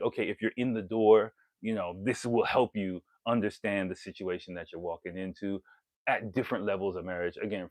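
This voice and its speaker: A man's voice: fairly low pitch, dry recording. A man giving frank, rambling dating advice to camera, laughing and breaking off mid-thought. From lives in Japan. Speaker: vlogger on dating in Japan. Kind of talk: casual talk to camera.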